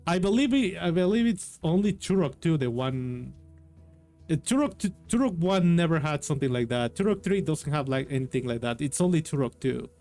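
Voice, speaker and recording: A man's voice: fairly high pitch, lively intonation, brisk, a little mellow. A man casually chatting on stream about a game bug, then reading a novel aloud as narrator. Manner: rambling, swears casually. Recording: faint background music.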